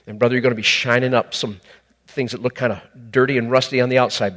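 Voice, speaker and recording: A man ministering to a couple in a conversational, animated preaching style, with sudden high exclamations. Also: fast, long reverb tail.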